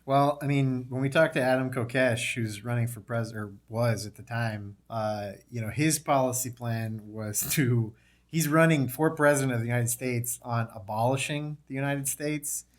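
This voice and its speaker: A man on a casual panel who thinks aloud in a relaxed way. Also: mid-range voice, moderate pace.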